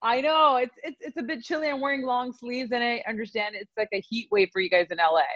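A woman co-hosting a podcast in casual chat, animated and quick to laugh. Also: on the high side, no room sound, dull audio. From South Asian community. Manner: animated, laughs easily, emotional. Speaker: podcast co-host.

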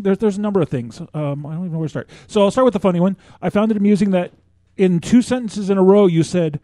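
A man's voice: high voice, warm tone, no room sound. Hesitant man with many ums. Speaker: podcast regular. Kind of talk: casual chat.

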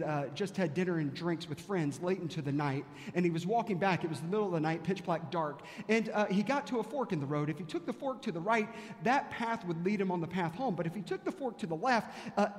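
A man with a fairly high voice preaches in a large church sanctuary, his words trailing into a long reverb. He tells stories and piles up rhetorical questions, slowing right down on the key words. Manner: storytelling preacher, slows for emphasis, rhetorical questions. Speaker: pastor. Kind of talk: sermon.

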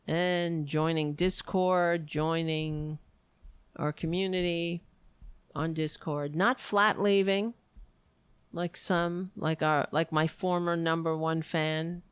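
A woman's voice: low voice, fairly even intonation, slow pace, clear, resonant tone, dry recording. A woman hosting a livestream, rambling and venting affectionately to her viewers as she signs off. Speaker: livestream host. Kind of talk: casual stream sign-off chat.

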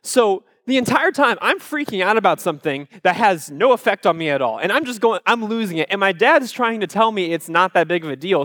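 A man with a fairly high voice tells a personal story to an audience. He is conversational and animated, slipping in fillers and asides to the crowd. The sound is dry and close, with no room echo. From Iowa, USA. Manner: animated, acts out his own childhood panic. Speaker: speaker addressing a live audience.

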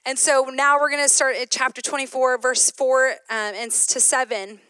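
A woman giving a sermon, mixing a personal story with scripture, animated and laughing often. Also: high-pitched, moderate pace, clear, resonant tone, no room sound. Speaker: women's ministry speaker.

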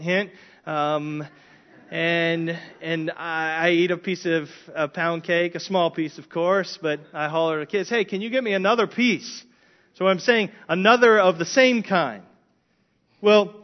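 A man's voice: high-pitched, dull audio. A man preaching a conversational sermon as a pastor, often repeating words and asking the congregation questions.

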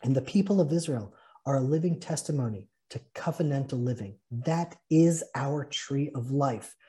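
A man's voice: mid-range voice, normal speed, dark tone. A man teaching a spiritual fellowship session, telling and reading a story earnestly and with feeling. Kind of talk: spiritual talk and read-aloud story.

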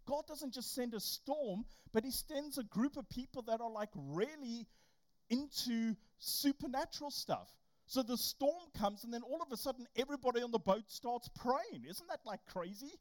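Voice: medium pitch, moderate pace. A young adult preacher giving a casual, conversational sermon and acting out quotes. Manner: conversational, animated, acts out quotes. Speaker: youth camp preacher.

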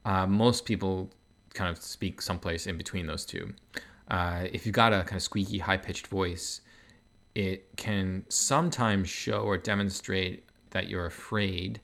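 Male podcast host, deep voice, easygoing explainer with filler words. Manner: relaxed, explanatory, many fillers. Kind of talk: casual explanatory podcast talk.

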